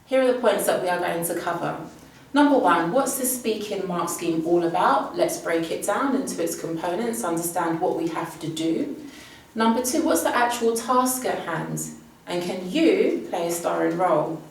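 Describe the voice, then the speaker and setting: Spanish teacher lady, upbeat and emphatic, lowish voice, super echoey far-off classroom sound. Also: animated, normal speed, gravelly. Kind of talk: exam prep lesson. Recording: distant mic with heavy room echo.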